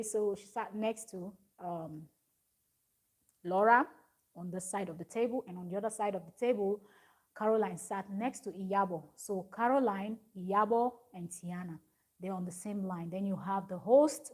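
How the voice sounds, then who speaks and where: A woman talks through a reality show episode in a loose, casual recap. She rambles and restarts often, tosses in "um" and "like", and her voice sits at an ordinary middle pitch for a woman. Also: darkish tone. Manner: rambling, many fillers and restarts, reads viewer comments. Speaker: recap vlogger.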